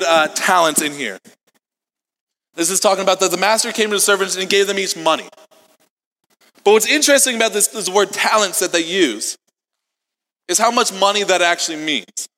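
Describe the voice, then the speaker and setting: Bright, high-voiced young man preaching to youth. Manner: casual storytelling, acts out dialogue. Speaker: youth pastor. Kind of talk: youth group sermon. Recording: long hall reverb.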